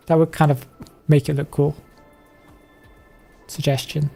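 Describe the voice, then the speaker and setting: A man's voice: fairly high pitch, flat delivery, measured pace, vocal fry, mellow, faint music behind. A man streaming live game commentary, chatty and casual, putting on a playful made-up accent and rolling his R's. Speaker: streamer commentating viewers' matches.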